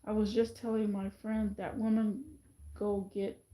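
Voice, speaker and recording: A woman vlogging in a casual, rambling monologue, chatty and animated, often mimicking other people's voices. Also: mid-range voice, measured pace, reverberant, rough recording.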